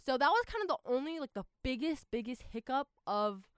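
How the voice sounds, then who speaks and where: A young woman in her twenties telling a travel story in a casual, animated way, full of "like" and exasperated asides. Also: high-pitched, fairly quick, clean tone, no echo, studio quality.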